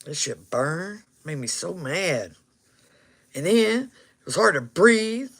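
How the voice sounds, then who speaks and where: A man's voice: high voice, sing-song, slow, creaky, a bit bright. A man casually telling a story, laughing often and acting out what people said.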